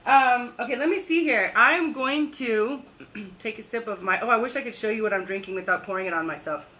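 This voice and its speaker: A woman hosts a live workshop in a bright, forceful voice that sits a little high. She chats casually and laughs easily, rushing her words when excited and slowing down to lead guided breaths. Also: a little hiss or hum. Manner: talks quickly when excited, laughs often; leads slow guided breathing. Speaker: wellness coach.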